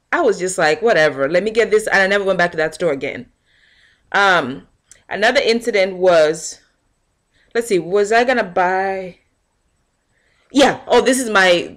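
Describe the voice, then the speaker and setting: A young woman vlogger telling a casual, animated rant to her camera and acting out what people said. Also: mid-range voice. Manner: animated storytelling, acting out quotes.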